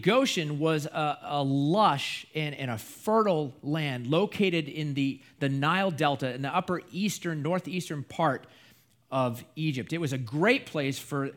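A man preaching a sermon, retelling a scripture story in a lively storytelling way. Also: fairly high pitch. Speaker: pastor.

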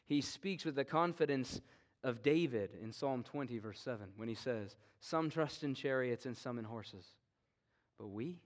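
In an earnest expository sermon, a man lets his voice drop low and quiet at the close of many phrases. He stays animated while keeping a measured pace.

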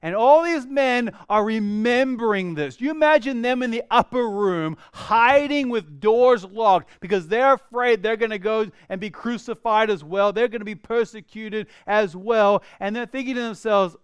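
High-voiced preacher dramatizing his sermon. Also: unhurried, clear, resonant tone, dry recording, studio quality. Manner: dramatic, acts out quoted voices, varies loudness widely. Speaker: pastor.

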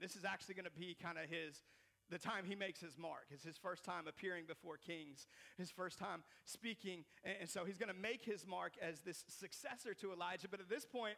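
Bright, gravelly man preaching casually. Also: high-pitched. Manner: animated, slangy, frequent word repeats. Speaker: pastor.

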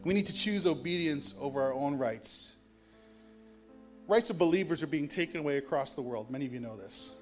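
A man's voice: a little high, fairly quick, soft background music. A man preaching as a pastor, emphatic, with repeated phrases and restarts. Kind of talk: sermon. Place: church sanctuary.

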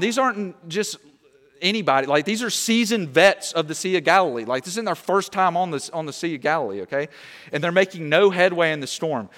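A young man preaching a sermon, animated and conversational, often checking in with "okay?". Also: high-pitched, in a large hall. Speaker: pastor.

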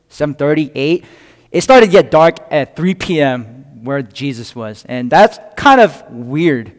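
A male preacher with a slightly high voice delivers a sermon in an earnest storytelling style. He acts out the voices of the people in the story as he goes. His voice rings with the long reverb of a hall. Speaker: pastor.

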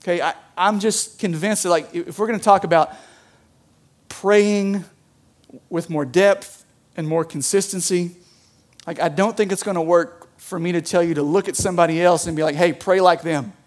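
Guy pastor preaching, kinda high voice, chatty and loose, keeps asking "right?". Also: steady tone, normal speed. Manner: conversational, lots of "like" and "right?". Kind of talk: sermon.

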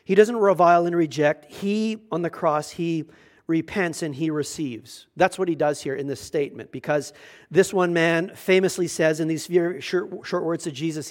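A middle-aged pastor preaching a sermon in a notably high voice. He is conversational and earnest, with humorous asides. He often restarts his phrases as he thinks aloud. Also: normal speed, a little mellow.

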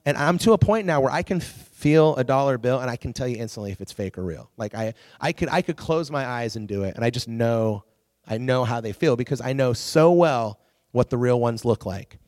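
A man's voice: mid-range voice, a little fast, no room sound, clean studio sound. A man preaching to a youth group, telling stories animatedly and acting out quotes. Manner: animated storytelling with acted-out quotes. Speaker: youth pastor.

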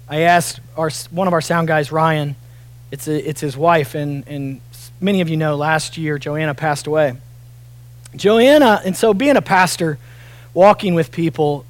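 A middle-aged pastor delivers a sermon with a high, clear voice, close and dry on the mic. He talks earnestly, sinking soft and near tears, then surging to loud, emphatic peaks. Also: moderate pace, no room sound. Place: church auditorium.

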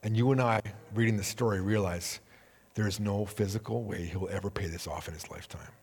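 A man preaching a sermon, telling a parable with animated storytelling and acting out the characters' voices. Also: brisk, husky, in a large hall. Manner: animated storytelling, acting out characters with big swings in pitch and volume. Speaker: pastor.

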